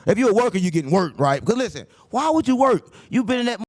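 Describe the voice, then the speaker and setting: A man delivers a mocking rant with a fairly high, very animated voice that leaps between loud jabs and low asides. He repeats his taunts over and over. The sound is dry and close, with no room around it. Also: quick pace, no room sound. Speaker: commentary host. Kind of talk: rant-style commentary.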